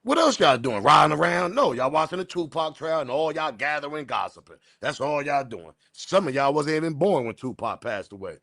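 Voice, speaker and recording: Fired-up guy ranting on his livestream, kinda high voice, dry close mic, cusses and yells at the chat. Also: animated, a little fast, few pauses, dry recording. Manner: loud, heated, profane, addresses chat directly. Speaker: livestream news host. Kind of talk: ranting live commentary.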